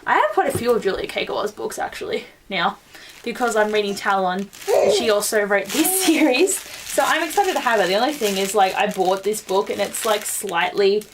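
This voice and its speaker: A young woman chatting excitedly through a casual book haul vlog at home, with many fillers. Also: mid-range voice, moderate pace, noisy background. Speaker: book vlogger.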